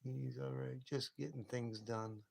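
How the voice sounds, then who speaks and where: A man hosts a casual late-night live stream from his home, talking straight to his viewers. He rambles from one thought to the next and chuckles often. His voice sits at an ordinary middle pitch. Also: fairly even intonation, unhurried, gravelly, darkish tone.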